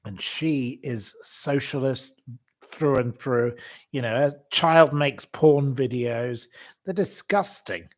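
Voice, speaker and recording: Man, English, livestream host, indignant rant, slow pace, theatrical outbursts, many fillers. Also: medium pitch. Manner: indignant and theatrical, swinging between loud outbursts and quiet asides. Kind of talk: casual political rant to viewers.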